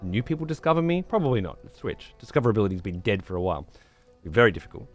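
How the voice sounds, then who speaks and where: A man's voice: lowish voice, big pitch swings, very fast, faint music behind. A man livestreaming, chatting to viewers in a rambling, profane way and repeating words as he thinks. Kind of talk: casual chat to stream viewers.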